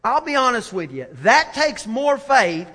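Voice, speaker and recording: A man preaching a sermon in a church, swinging from hushed, slow lines to loud, emphatic ones. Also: very high-pitched, big pitch swings. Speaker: pastor. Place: church sanctuary. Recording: church hall with long reverb.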